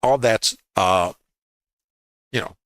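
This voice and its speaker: Brooklyn-accented male trading teacher, bright and forceful, folksy, quippy, rhetorical. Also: on the low side, takes it slowly, no echo. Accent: New York, Brooklyn. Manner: folksy, quips and rhetorical questions. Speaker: trading educator. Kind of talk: livestream market lesson. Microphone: laptop.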